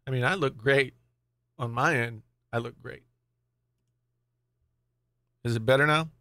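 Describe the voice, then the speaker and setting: A man's voice: mid-range voice, measured pace, pushed and bright, no echo, clean studio sound. A man hosting a casual live tech stream, rambling and distracted as he talks to his chat, angry today.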